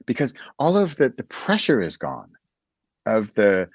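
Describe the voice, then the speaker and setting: A man's voice: fairly low pitch, wildly swooping pitch, measured pace, husky, no echo, lo-fi sound. A man who is a guest on a podcast, talking casually and animatedly about writing, often laughing and acting out little conversations.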